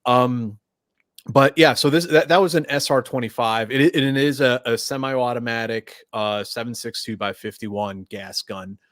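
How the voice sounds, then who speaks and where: A man's voice: mid-range voice, moderate pace, dry recording, clean studio sound. An American man, a podcast guest, chatting casually and repeating words as he talks. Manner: relaxed, stammers and repeats words. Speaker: podcast guest, veteran and journalist. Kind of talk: casual chat.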